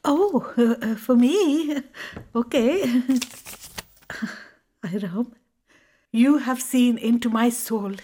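Bashful comic co-host, slow and high-voiced. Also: female voice, warm tone, slight background noise.

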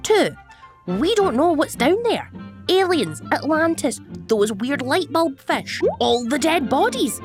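A young woman delivering scripted comedy with sardonic, deadpan asides. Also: high voice, takes it slowly, over music. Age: young adult.

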